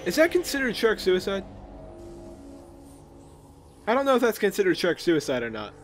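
A young man casually commenting while playing a video game, chatty and jokey with quick reactions. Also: high voice, wildly swooping pitch, soft background music. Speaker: gaming video host. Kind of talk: casual let's play commentary.

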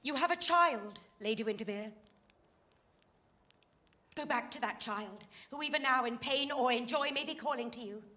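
Actress doing a fallen society woman, stage drama, impassioned pleading, bright tone, high voice. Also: normal speed, pauses often. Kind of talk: stage play scene.

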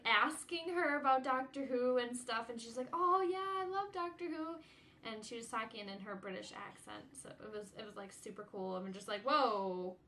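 Bright-voiced bubbly American young woman. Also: fairly high pitch, slight background noise. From United States. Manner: bubbly, gushing, rambling. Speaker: vlog channel regular. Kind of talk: casual chat to camera.

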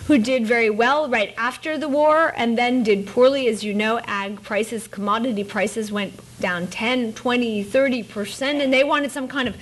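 A middle-aged woman giving a public lecture as an author, with a lively, wry, digressive manner and playful asides. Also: a little high, moderate pace, hardly any pauses. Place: presidential library auditorium.

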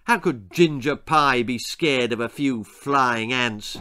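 A man reading his own spooky children's story aloud with unhurried, dramatic delivery. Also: medium pitch, bright, forceful tone, clean tone, faint music behind.

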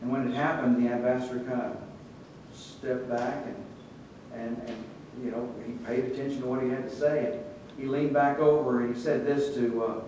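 A man preaching a sermon in a relaxed, conversational way, telling stories and acting out the voices in them. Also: moderate pace. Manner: conversational storytelling with quoted voices. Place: church sanctuary. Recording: echoey church room, distant mic, faint rumble.

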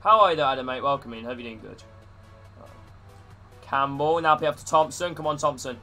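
A man's voice: mid-range voice, fairly quick, pushed and bright, faint music behind. A man live-streaming a football video game, calling the play and greeting his chat viewers. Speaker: gaming streamer.

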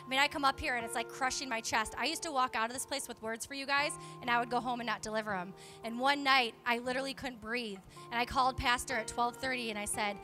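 A young woman, a pastor's wife, preaching a charismatic sermon in church, exhorting fervently and swinging between loud calls and hushed confessions. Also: a little high, steady tone, fast, few pauses, music in the background. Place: church sanctuary.

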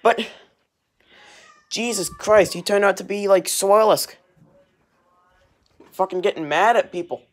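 A man's voice: sits high, a little slow, pauses often. Angry rambling young man ranting. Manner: angry, rambling, swears often. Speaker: vlogger. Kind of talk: casual rant vlog. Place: kitchen at home, in doors. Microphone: handheld camera, walking around.

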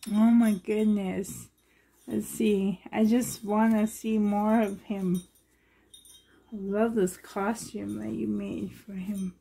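A woman's voice: medium pitch, flat delivery, slow, vocal fry, mellow, slight background noise. A woman collector gushing with delight as she unboxes reborn dolls for a vlog.

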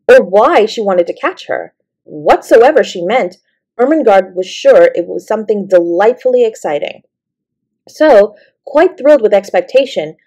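A woman's voice: medium pitch, warm tone. Woman reading a bedtime story. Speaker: audiobook narrator.

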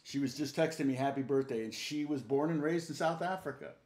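A middle-aged man teaches guitar on a live stream, rambling, chatting with viewers, laughing a lot and counting out notes. His mid-range voice moves a little fast, and the echoey room is filled with loud guitar playing.

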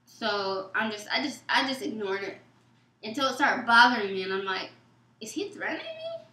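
A woman guest telling a story in a casual chat, animated and acting out what others said, in loose informal speech. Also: medium pitch, normal speed. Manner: animated, acts out quoted texts and dialogue. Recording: echoey room.

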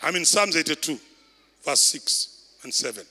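A man with a Kenyan accent, a bishop preaching a loud sermon and calling out to the congregation in a large church. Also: a little high, expressive, moderate pace. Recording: echoey church hall.

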